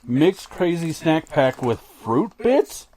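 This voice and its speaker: A man's voice: on the high side, very animated, takes it slowly, a little mellow, slight background noise. A middle-aged man co-hosting a casual snack-tasting chat with his son, joking and reading package text in a mock announcer voice. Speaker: podcast co-host, father.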